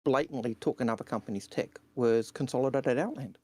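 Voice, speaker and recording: A man co-hosting a casual podcast chat, talking haltingly and repeating words. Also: mid-range voice, a little mellow, no room sound. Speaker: podcast co-host.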